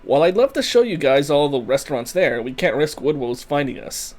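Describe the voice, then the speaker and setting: A man's voice: on the high side, very animated, brisk, darkish tone. A man voicing a cheerful female genius guide in a put-on stereotyped Italian accent, reading game lines. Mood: guiding. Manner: stereotyped Italian lilt, playful. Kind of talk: fan voicing of a game's story text.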